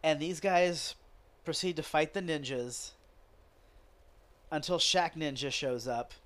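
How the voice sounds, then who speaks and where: A podcast host with a somewhat high voice rants about what he watched, swearing freely and piling on sarcasm. He talks in a loose, animated way, close to the mic. The sound is dry, with no room echo. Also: slow. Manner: animated, profane, sarcastic ranting. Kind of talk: casual ranting wrestling commentary.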